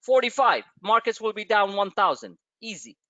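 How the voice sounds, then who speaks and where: Speaking at a normal speed in a voice that sits high, a man hosts a live stock-trading webinar with casual, animated talk, profane asides, and rambling tangents about his own life. The recording is dry, with the highs cut off.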